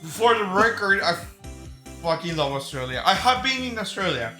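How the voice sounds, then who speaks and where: A man from Mexico chats loosely on a live stream, laughing, swearing and drifting off topic. His pitch bounces around lively with a bright, forceful tone. The sound is roomy, with faint game music underneath. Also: normal speed. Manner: laughing, tangent-prone, swears freely. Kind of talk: casual live-stream chat. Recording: echoey room with game music.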